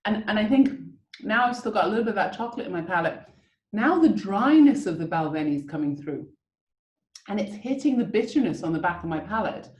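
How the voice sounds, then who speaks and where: A woman leads a tasting over a video call, talking in a chatty, eager way and coaching her listeners through each step. Her voice sits at a middling pitch. The sound has a noticeable roomy echo. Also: expressive, brisk. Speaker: whisky tasting host.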